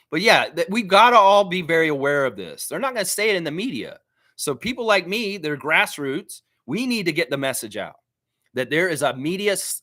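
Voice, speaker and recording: A man hosting a sports fan livestream, ranting in a heated, animated way. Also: fairly high pitch, no room sound, clean studio sound. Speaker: sports fan show host. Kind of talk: casual livestream rant.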